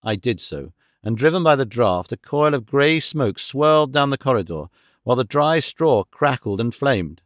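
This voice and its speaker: A man narrates an audiobook from a script, his mid-range voice measured and even as he tells the story. The recording is clean studio sound with no echo.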